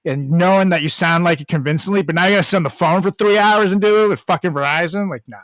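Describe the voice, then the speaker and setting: A man's voice: high voice, fast talker, fairly bright tone, no room sound, studio quality. A man co-hosting a podcast in casual chat, sweaty after boxing, swearing often and laughing a lot. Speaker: podcast co-host.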